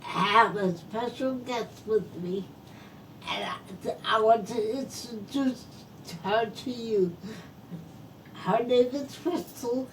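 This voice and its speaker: A woman host whose speech is slow and halting after a stroke, often repeating words as she works through a question. Her voice sits fairly high and she talks at an unhurried crawl. She is heard from a distance, with a low rumble of noise underneath. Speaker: podcast host and interviewer. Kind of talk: interview. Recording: distant mic with background noise.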